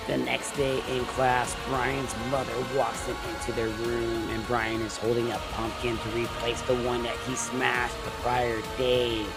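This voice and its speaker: A man narrating a movie plot recap in a plain, steady storytelling manner. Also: medium pitch, unhurried, hardly any pauses, over loud music.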